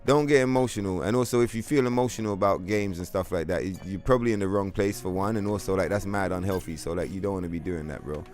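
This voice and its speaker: A man with a London accent chats through a game livestream in a fairly low voice, blunt and full of swearing. He keeps up a trollish, casual banter with his viewers. Game music plays faintly behind him. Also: fast talker, few pauses, darkish tone. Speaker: game streamer.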